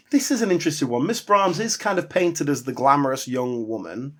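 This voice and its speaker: A man's voice: a little high, moderate pace, a bit bright. A man co-hosting a podcast, chatting wryly about old sitcoms and laughing often. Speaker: podcast co-host. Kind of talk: casual chat about sitcom history.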